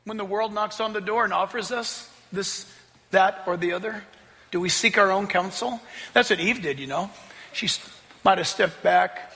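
Male preacher, conversational sermon, gravelly, bright, large hall reverb. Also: sits high, moderate pace. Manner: animated, jokey, conversational preaching. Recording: long hall reverb, faint music.

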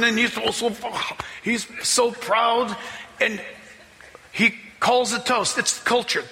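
A man preaching a sermon as pastor, telling a story in an animated, emphatic way. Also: high-pitched, moderate pace, creaky, big-room sound, a little hiss or hum.

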